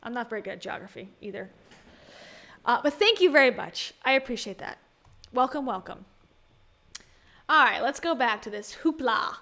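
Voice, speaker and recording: A woman's voice: on the high side, animated, normal speed, creaky, long pauses, sharp tone. A woman giving casual livestream commentary on a podcast, chatty and exasperated, reading viewer comments aloud.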